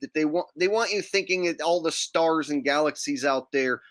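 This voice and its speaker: A man's voice: a little high, moderate pace, fairly bright tone. A man hosting a livestream, talking casually in a sarcastic, mocking tone and now and then mimicking people in silly voices. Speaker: livestream host.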